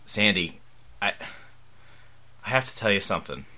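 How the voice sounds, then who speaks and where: A man's voice: lowish voice, very animated, normal speed, pushed and bright, voice pushed down, full character voice. A man reading fan fiction aloud and voicing a flustered teenage boy. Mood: anxious. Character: teen boy Ryan, panicky and earnest.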